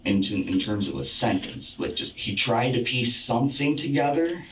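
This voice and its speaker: A man in a documentary interview, recounting an attack in a halting way with many fillers and restarts. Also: medium pitch, lively intonation, fairly bright tone, a little hiss or hum. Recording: roomy, distant, dull clip.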